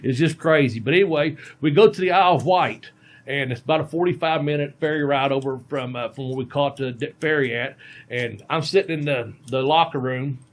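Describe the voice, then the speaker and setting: A man's voice: mid-range voice, brisk. A middle-aged man, a veteran pro wrestler, telling a long casual podcast story with many ums and restarts.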